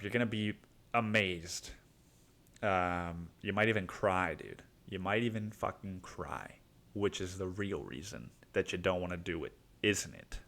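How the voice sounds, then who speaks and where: A man from Mexico talks alone into the mic in a slightly low voice. He rambles in a loose, profane way, keeps saying "dude", and drifts from one thought to the next. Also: a bit bright. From Cancun, Mexico. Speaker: podcast host. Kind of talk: casual solo podcast monologue.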